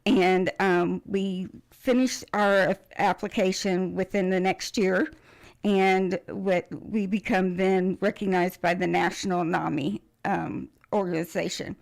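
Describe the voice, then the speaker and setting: A woman guest on a local radio show, explaining her organization in a measured way with some ums. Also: on the low side, steady tone, creaky. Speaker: guest, nonprofit representative. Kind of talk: radio interview. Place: radio studio.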